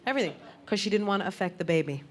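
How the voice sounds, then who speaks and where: Racing along in a mid-range voice, this thirty-something comic from Puerto Rico animatedly impersonates the people in her stories with exaggerated voices. She's live on a club stage, with reverb, crowd laughter and a little hiss or hum in the recording.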